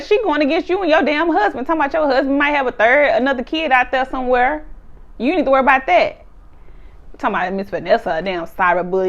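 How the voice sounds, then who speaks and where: A woman's voice: a little high, dull audio. A woman casually recapping a reality show episode, laughing often, swearing freely and acting out what people said. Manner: animated, laughs often, acts out quotes.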